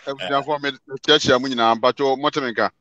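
A man's voice: mid-range voice, steady tone, fast talker, bright, forceful tone, highs cut off. A man in a casual discussion, pleading earnestly and repeating words as he talks. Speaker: discussion participant. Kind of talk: casual discussion in Twi mixed with English.

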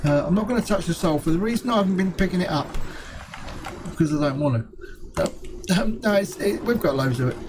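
Male game host, casual running commentary, higher-pitched, mild swearing; noisy mix. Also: lively intonation, brisk. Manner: chatty, muttering to himself, swears lightly. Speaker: gaming video host.

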